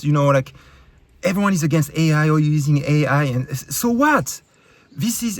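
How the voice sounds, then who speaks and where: A man with a French accent, a YouTube creator, ranting in a heated, sarcastic and profane way, with many halting fillers and restarts. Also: a little high, no echo. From France. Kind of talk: ranting vlog commentary.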